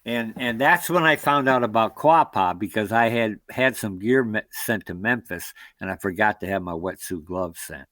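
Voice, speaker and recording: A man's voice: on the low side, normal speed, few pauses, no room sound. An American man, a long-distance canoeist, telling rambling stories in an interview and acting out what people said. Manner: rambling, animated anecdotes with acted-out quotes. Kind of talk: storytelling interview.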